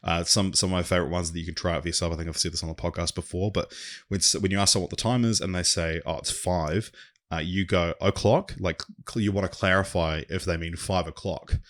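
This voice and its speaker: A man's voice: deep voice, fairly even intonation, fast. A man hosting a podcast alone, chatting casually in a rambling, swearing manner. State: briefly out of breath. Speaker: podcast host. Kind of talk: casual solo podcast chat.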